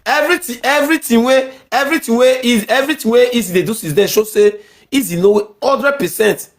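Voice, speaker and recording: A woman's voice: fairly high pitch, brisk. A woman with a Nigerian accent ranting angrily in heated social media commentary. She repeats herself often and mixes pidgin with English.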